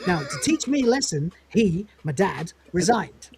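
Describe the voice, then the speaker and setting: A woman's voice: on the low side, very animated, measured pace, darkish tone. A woman voicing a flustered, scruffy young male spacefarer who rambles exasperated self-justifications. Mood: flustered insisting.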